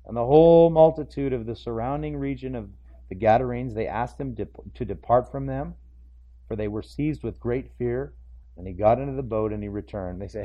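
A middle-aged man preaching a sermon, acting out the people in the story in quick joking asides. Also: mid-range voice. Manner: acts out the crowd and figures in quick asides, joking. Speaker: pastor. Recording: dull lo-fi sound.

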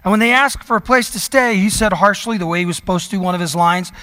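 A man preaching a sermon, telling a story and slowing down to stress key words. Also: high-pitched, bright, forceful tone, big-room sound. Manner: storytelling preacher, slows down for emphasis. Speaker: pastor.

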